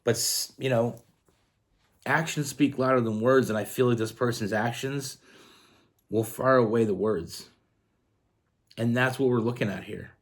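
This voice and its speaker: A man's voice: mid-range voice, measured pace, pauses often. A man from Canada giving a casual tarot love reading, earnest and rambling with frequent restarts. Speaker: tarot reader.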